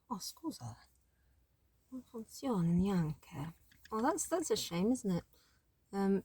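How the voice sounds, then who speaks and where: A woman's voice: lowish voice, dry recording. A woman language teacher giving a casual lesson, explaining step by step in a chatty way with apologetic asides.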